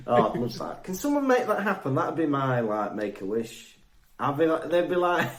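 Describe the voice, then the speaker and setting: Lively, giggly man in an echoey room. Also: a little high, slow pace, long pauses, slight background noise. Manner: giggly, jokey, animated. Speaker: podcast co-host. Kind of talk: casual chat.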